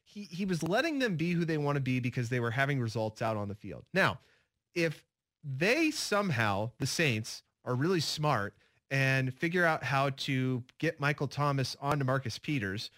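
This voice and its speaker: Male sports radio co-host, mid-pitched, opinionated and joking, dry close studio mic. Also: animated, normal speed, a bit bright, no room sound. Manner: opinionated, joking, trails off with fillers. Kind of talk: casual sports talk.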